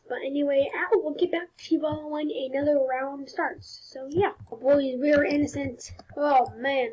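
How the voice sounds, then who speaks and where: A woman's voice: high-pitched, steady tone, normal speed, hardly any pauses, darkish tone, slight background noise. A young woman commenting on a video game as she plays, turning panicky and often dropping to a whisper. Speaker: gaming video host. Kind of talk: live gameplay commentary.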